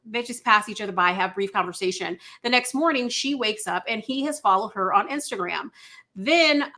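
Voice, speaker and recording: A woman casually recapping a TV series at home, chatty and animated, tossing in filler asides as she retells the story. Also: mid-range voice, moderate pace. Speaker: show recap reviewer. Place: home room by a glass sliding door.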